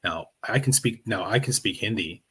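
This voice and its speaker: A man's voice: fairly low pitch, moderate pace, fairly bright tone, breathy edge. A man from Fiji with a Canadian accent, speaking earnestly and passionately as a podcast guest, with many restarts. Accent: Canadian English. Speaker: podcast guest, heritage advocate. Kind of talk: conversational interview.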